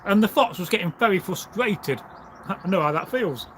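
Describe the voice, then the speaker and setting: A man's voice: high voice, expressive, moderate pace, fairly bright tone, slight background noise. A man telling a folk tale casually on a livestream, rambling with asides and fillers. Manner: rambling, full of asides and "you know" fillers. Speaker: storyteller. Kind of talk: casual spoken storytelling on a livestream.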